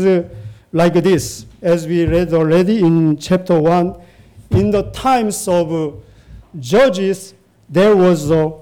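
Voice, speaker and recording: A man preaching a Bible teaching, speaking in a halting way with frequent pauses and repeated phrases. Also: high voice, dark tone.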